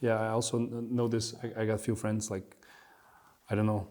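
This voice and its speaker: A man co-hosting a casual podcast chat, telling stories animatedly with quick asides. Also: on the low side, level tone, mellow. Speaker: podcast co-host.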